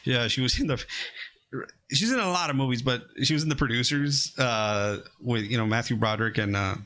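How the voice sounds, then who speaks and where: A man's voice: mid-range voice, a little fast. Man rambling through a casual film recap. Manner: rambling, animated retelling with fillers and swearing. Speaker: podcast co-host. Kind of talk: casual film review chat.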